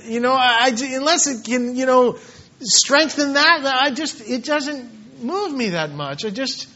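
A man preaching a sermon with passion, now and then mimicking doubters in quick asides. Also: very high-pitched, expressive, sharp tone, highs cut off.

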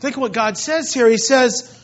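A man preaching an expository sermon, reading scripture aloud and explaining it with emphatic swings between loud and hushed delivery. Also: extremely high pitch, unhurried, slight background noise. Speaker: pastor. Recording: muffled, dull lo-fi sound.

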